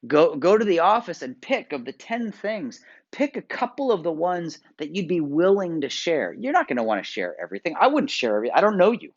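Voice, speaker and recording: Lively coaching man, lo-fi sound. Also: on the high side, a little fast. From United States. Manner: coaching, gives direct instructions and exercises; animated, swings between loud emphasis and quiet asides. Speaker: workshop presenter. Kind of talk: motivational video talk to viewers. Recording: dull lo-fi sound.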